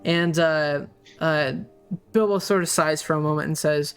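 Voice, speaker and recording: A man narrating as game master, pausing often with fillers as he describes what happens. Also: fairly high pitch, steady tone, smooth, faint music behind. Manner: hesitant, many fillers while narrating.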